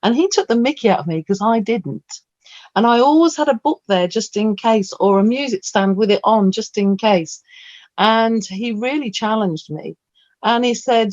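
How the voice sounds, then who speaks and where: A woman's voice: mid-range voice, normal speed, no room sound. A woman, a featured poet talking through a Q&A in a chatty, rambling way. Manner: chatty, rambling, animated storyteller. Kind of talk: casual Q&A talk about performing poetry. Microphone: video call. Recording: dull lo-fi video call audio.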